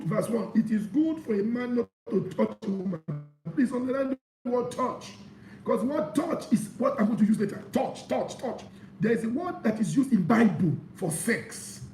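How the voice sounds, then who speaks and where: A man preaching a sermon, reading scripture aloud and explaining it with animated emphasis. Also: high voice, recorded from a distance, a little hiss or hum. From Nigeria. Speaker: pastor. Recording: echoey room.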